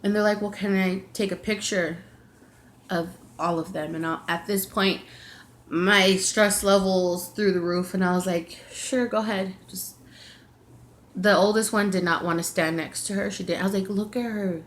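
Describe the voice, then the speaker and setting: A woman's voice: mid-range voice, steady tone, moderate pace, slight background noise. A young adult woman vlogger telling a personal story in a confiding, emotional way.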